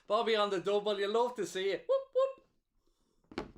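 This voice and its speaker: A man with a high voice talks fast while hosting a live football watchalong. He's excitable, cheering and gloating as he reads viewer messages from the chat aloud.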